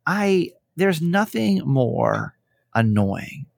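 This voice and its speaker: A man's voice: fairly high pitch, drawn-out words, creaky, no echo, clean studio sound. A young man who hosts radio and a podcast, telling stories in casual chat, acting out quotes and swearing often. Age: young adult. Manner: animated storytelling, acting out quotes, frequent swearing.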